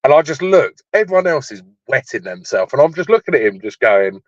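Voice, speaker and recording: A man's voice: medium pitch, big pitch swings, brisk, dry recording. A man calling into a live stream from his warehouse workplace, telling stories in a laid-back way. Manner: laid-back, storytelling, says mate a lot. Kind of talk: casual chat. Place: at work in a warehouse. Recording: dull dry lo-fi call audio.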